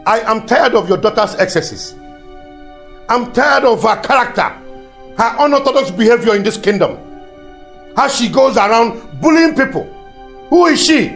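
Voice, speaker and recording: A man's voice: high-pitched, heavily acted. An actor with a Nigerian accent playing a stern king who warns and threatens a subject in a commanding way. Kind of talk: Nollywood drama acting.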